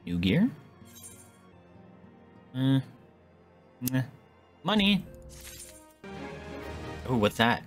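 Man doing let's play commentary, casual, very lively intonation. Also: medium pitch, slow pace, pauses often, soft background music. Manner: chatty, reacting to the game. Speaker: gaming streamer.

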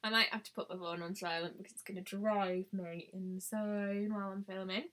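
A woman's voice: medium pitch, flat delivery, moderate pace, fairly bright tone. A woman chatting bubbly on a live stream, greeting viewers by name, recorded on a webcam at home. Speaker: beauty vlogger. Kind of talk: live-stream casual chat.

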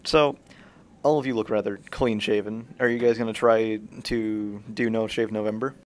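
A man's voice: fairly low pitch, steady tone, moderate pace. A teenage boy hosting a casual school podcast, asking short questions and teasing his guests. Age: teens. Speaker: host.

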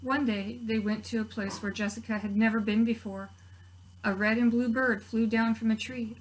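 A woman teacher reading a picture book aloud to preschool children, gently expressive with soft asides to her listeners. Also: on the high side, moderate pace, a little hiss or hum, poor audio. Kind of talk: children's story read-aloud.

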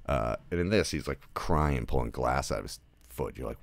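A man's voice: very deep voice, brisk, gravelly, hardly any pauses, a little mellow. A man who teaches film, talking through a casual review in a rambling, loose way with laughing asides and lots of fillers.

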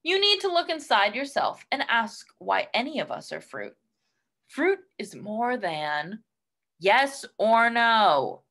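A woman's voice: on the high side, sing-song, slow pace, a bit bright, exaggerated voice. A woman voicing a wise old man of the produce, speaking in grand, riddling lines for a storybook read-aloud. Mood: solemn. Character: wise old male produce sage, solemn and cryptic.

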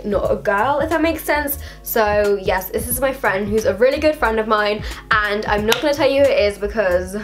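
A woman chatting casually to her viewers in a vlog, upbeat and talkative. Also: a little high. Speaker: YouTuber. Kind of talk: casual vlog talk to camera.

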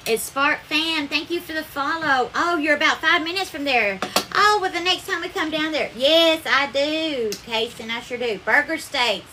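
A woman's voice: high voice, moderate pace, background noise. Bubbly Southern woman hosting a cooking stream. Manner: effusive, calls viewers darling, thanks them by name. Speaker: live cooking stream host. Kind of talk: casual live-stream chat and cooking demo.

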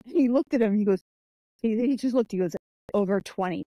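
Mellow-voiced woman telling lively stories. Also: on the high side, fast talker, no room sound. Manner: animated storyteller who acts out quoted people; chatty, with many "like" and "I'm like" fillers. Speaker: podcast guest, author and martial artist. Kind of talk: casual interview storytelling.

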